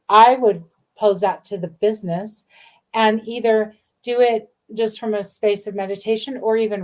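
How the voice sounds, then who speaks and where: A woman's voice: mid-range voice, darkish tone. A middle-aged woman doing a live card reading, talking in a gushing, meandering way with many fillers. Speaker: intuitive card reader hosting a live stream.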